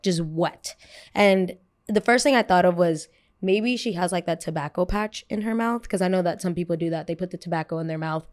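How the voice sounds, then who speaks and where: A woman podcast host telling a story in a casual, animated way, talking fast and full of fillers like "like". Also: lowish voice.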